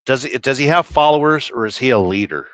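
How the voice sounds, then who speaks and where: A man's voice: mid-range voice, lively intonation, quick pace, fairly bright tone, dry recording, rough recording. A man livestreaming while trucking, reading chat aloud and rambling through opinions in casual talk.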